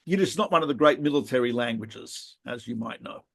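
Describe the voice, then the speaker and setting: This middle-aged man, a rabbi, co-hosts a podcast and spins animated anecdotes, laughing and restarting as he chats casually. His voice is gravelly and husky, medium in pitch, and brisk.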